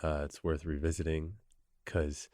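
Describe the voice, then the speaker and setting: A man's voice: very deep voice, little pitch movement, measured pace, a little mellow, no room sound, clean studio sound. A man hosting a podcast, reflecting aloud and telling a story in short, emphatic phrases. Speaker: podcast host. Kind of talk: casual conversation.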